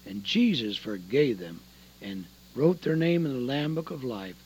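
A man preaching a radio sermon, swinging dramatically between loud calls and hushed words. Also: mid-range voice, big pitch swings, unhurried, a little hiss or hum.

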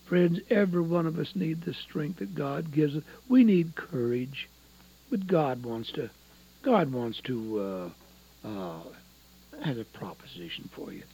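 An older man preaching a fervent broadcast sermon, rising to loud exhortation and dropping to hushed pleading. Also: medium pitch, slightly rough. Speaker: evangelist preacher. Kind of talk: broadcast sermon with altar call. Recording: dull lo-fi broadcast audio, faint music.

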